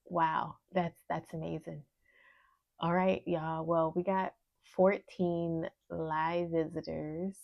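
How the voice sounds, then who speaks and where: A woman who runs a small business, talking casually and emotionally to her vlog audience, sometimes teary and soft. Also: low-pitched, level tone, takes it slowly, creaky, no echo, dull audio. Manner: emotional, teary, talks softly at times. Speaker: small business owner vlogger. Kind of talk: casual vlog talk to camera.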